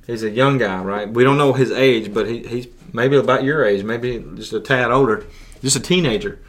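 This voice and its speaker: A man's voice: mid-range voice, normal speed, a bit bright. A man hosting a casual sermon podcast for young listeners, folksy and prone to repeating words as he restarts. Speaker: youth pastor podcast host.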